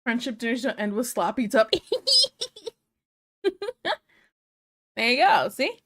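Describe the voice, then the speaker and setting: A woman streamer chatting casually while she draws, frank, teasing and quick to giggle. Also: fairly high pitch, very animated, fairly bright tone. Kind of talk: casual chat while drawing.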